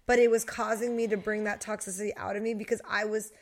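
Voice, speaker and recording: A young woman co-hosting a casual podcast chat, candid and expressive, laughing as she tells dating stories. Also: medium pitch, fast talker. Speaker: podcast co-host.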